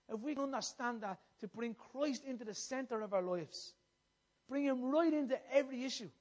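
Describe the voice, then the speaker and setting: A man preaching a sermon in an impassioned way. He repeats phrases and puts questions to his listeners. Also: extremely high pitch.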